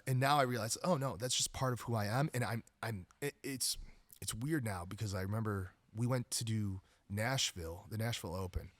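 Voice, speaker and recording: A man's voice: on the low side, no room sound. A man speaking as a podcast guest in casual conversation, earnest and open, often restarting his sentences. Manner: earnest, frequent restarts and fillers. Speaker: podcast guest, jiujitsu instructor.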